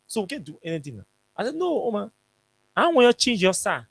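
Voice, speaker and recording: A middle-aged man with a Liberian English accent, hosting a talk show and telling a political story in an animated, repetitive, emphatic way. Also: sits high, fast talker, creaky, breathy edge, dry recording. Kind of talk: political commentary monologue.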